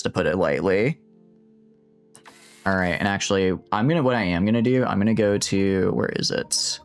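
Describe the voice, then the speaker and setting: A man streaming a strategy game, chatting in an animated, rambling, self-mocking way. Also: lowish voice, clear, resonant tone. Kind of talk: casual gameplay commentary.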